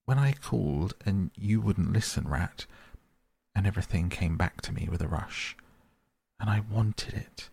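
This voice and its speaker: A man's voice: low-pitched, unhurried, gravelly, darkish tone, husky, exaggerated voice. A man voicing a tearful, timid, homesick male mole who pleads in a sobbing rush. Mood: tearful pleading.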